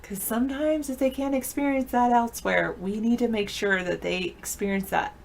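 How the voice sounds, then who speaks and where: A woman's voice: a little high, steady tone, moderate pace, vocal fry, a little hiss or hum. A woman co-hosting a live online show, chatting casually and answering viewer questions aloud. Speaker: show co-host reading chat. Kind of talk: casual live-stream chat.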